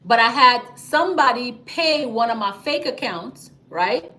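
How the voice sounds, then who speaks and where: A woman with a slightly high voice hosts a livestream as a business credit coach, casually reading viewer comments at an unhurried pace. She's chatty and emphatic, telling stories with animation and dropping "okay?" and "y'all" again and again.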